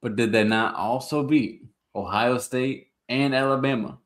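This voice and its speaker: A man co-hosts a sports podcast and pushes back with a relaxed, joking tone. His voice sits at an ordinary middle pitch. He often drifts into friendly ribbing and easy laughter. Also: measured pace. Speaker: podcast co-host. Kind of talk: casual sports debate.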